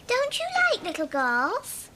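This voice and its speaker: A woman's voice: very high voice, very animated, unhurried, very noisy, heavily acted. An actress playing a spoilt, clingy six-year-old girl in a television drama, speaking in a whiny, wheedling voice. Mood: demanding.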